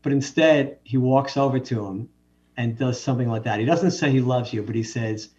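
A man's voice: medium pitch, moderate pace, a little mellow, far from the mic. Guy doctor rambling through a story, stops and restarts a lot, dull lo-fi sound. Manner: anecdotal, with frequent self-interruptions. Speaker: physician guest. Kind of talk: casual storytelling conversation.

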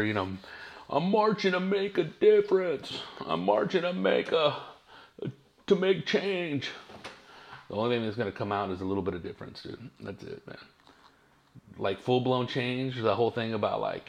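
Creaky-voiced man ranting on a podcast. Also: on the low side. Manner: profane, blunt, dismissive, filler-heavy. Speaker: podcast host. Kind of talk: casual ranting monologue.

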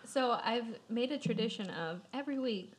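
A young woman co-hosting a casual podcast at a friend's apartment, chatty with a soft voice. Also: a little high, animated, normal speed, husky. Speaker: podcast co-host. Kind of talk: casual chat.

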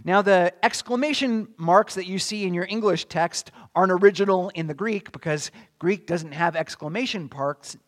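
A man with a high, light voice delivers a sermon as a pastor. He preaches earnestly, poses question after question to his listeners, and rises into emphatic bursts before dropping back down.

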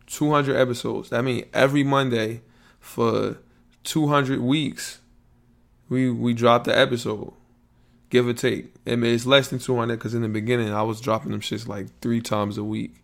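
Gravelly laid-back man hosting a podcast. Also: mid-range voice, flat delivery, normal speed. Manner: laid-back, rambling, slangy, thinks out loud. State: yawning, a bit sleepy. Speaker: podcast host. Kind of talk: casual solo podcast monologue.

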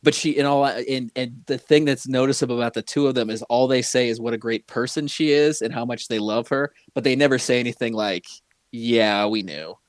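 A man's voice: mid-range voice, steady tone, brisk, few pauses, no echo. Male podcast host, gossipy rambling delivery, dry close sound. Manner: rambling, gossipy, frequent restarts. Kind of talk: casual chat.

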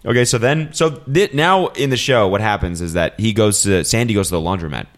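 A man's voice: fairly low pitch, lively intonation, a little fast. A man co-hosting a casual show recap, joking, swearing and laughing as he talks. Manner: swearing, laughing, joking about his accent. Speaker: podcast co-host.

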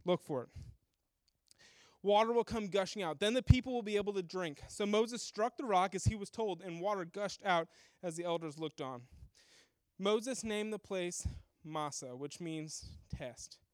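A man preaching a sermon, retelling scripture in a lively storytelling way and acting out the people in it. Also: high voice, a little slow, no room sound, studio quality. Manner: animated storytelling, acts out voices. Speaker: pastor.

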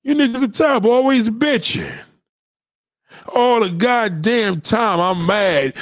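A man's voice: very high-pitched, big pitch swings, measured pace, fairly bright tone, no echo, clean studio sound. A man in a heated, profane livestream rant, lecturing his audience.

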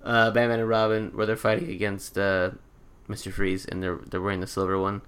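A man co-hosting a casual podcast, joking and teasing his friends, getting loud and laughing often. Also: on the low side, monotone, a little fast, clean tone. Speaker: podcast co-host. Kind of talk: casual banter.

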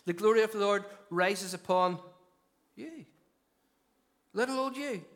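A man's voice: high voice, unhurried. A man preaching a sermon as lead pastor, emphatic and rousing, often repeating and restarting his phrases. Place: church venue.

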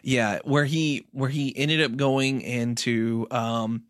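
A man co-hosting a casual chat, talking in a halting way with many fillers and restarts. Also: medium pitch, fairly even intonation, no room sound, clean studio sound. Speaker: podcast co-host. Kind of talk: casual chat recapping a cartoon episode.

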